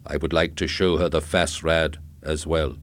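A man voicing a huge robot salesman who speaks calmly and evenly. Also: no echo, clean studio sound. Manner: calm, measured, low.

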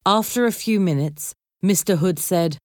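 A woman reading a children's storybook aloud in a clear, measured storytelling voice. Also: fairly low pitch, a little mellow, no echo, studio quality. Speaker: narrator.

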